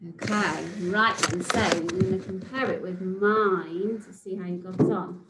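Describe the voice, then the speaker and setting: A woman from England teaching phonics to very young children on video. She speaks slowly and in a sing-song way, stretching out letter sounds and cheering the children on. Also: on the low side, heavy background noise. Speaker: reception class teacher.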